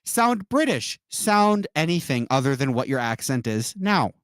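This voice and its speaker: Pushy male streamer with a lively voice. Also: medium pitch, measured pace, smooth, no echo, studio quality. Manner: pushy, demanding, mocking. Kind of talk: live stream chat.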